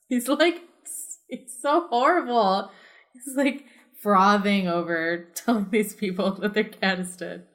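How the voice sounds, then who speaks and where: A woman's voice: mid-range voice, unhurried, a bit bright. A woman reading a choose-your-own-adventure story aloud on a podcast, breaking off into sarcastic joking asides. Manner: giggly, sarcastic. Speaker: podcast reader.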